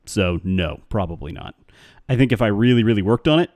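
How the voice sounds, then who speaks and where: A man's voice: lowish voice, animated, a little fast, darkish tone, dry recording. A man chatting casually on a live game stream, rambling and answering his chat.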